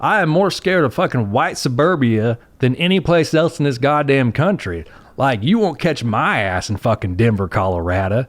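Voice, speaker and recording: A man's voice: medium pitch, animated, moderate pace, few pauses. A man from West Virginia with a West Virginia accent, a guest talking in a blunt, rambling, profane casual chat. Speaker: podcast guest. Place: Oklahoma City.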